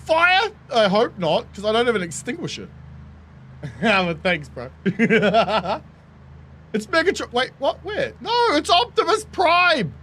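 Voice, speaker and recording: Speaking a little slowly in a mid-range voice, with some hiss or hum in the audio, a game streamer from New Zealand offers casual commentary while playing. The delivery is lively, joking and chatty, with lots of laughing and cursing.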